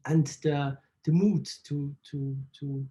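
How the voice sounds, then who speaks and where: A man from Switzerland answers interview questions in halting English, often searching for words. His voice is gravelly and mellow, and he talks at a slow, unhurried pace. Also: fairly high pitch, fairly even intonation, muffled recording. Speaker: photographer interviewee.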